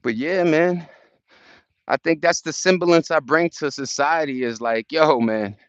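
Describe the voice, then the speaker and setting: A man's voice: a little high, unhurried, dry recording, muffled recording. A man from Brooklyn with a New York accent, live-streaming as he walks uphill in a park, upbeat and profane with lots of street slang as he greets his viewers. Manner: talking while walking uphill outdoors. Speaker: livestreaming vlogger. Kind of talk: casual live-stream chat. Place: outdoors in a park on a hill. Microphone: phone held at arm's length.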